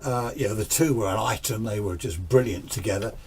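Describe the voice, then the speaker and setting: A man's voice: on the low side, fairly quick, a little mellow, a little hiss or hum. A man telling a ghost story in a casual, rambling way, often repeating himself.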